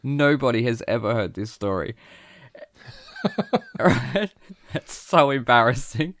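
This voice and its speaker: A man, telling a story in casual chat, animated and self-mocking, laughing often. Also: medium pitch, takes it slowly. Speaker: podcast guest.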